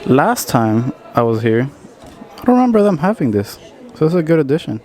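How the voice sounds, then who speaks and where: A man filming a casual vlog as he tours a film studio, chatty and excited. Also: a little high, fairly quick, a faint crowd. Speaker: vlogger. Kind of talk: casual vlog tour commentary. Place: studio tour, in and out of doors.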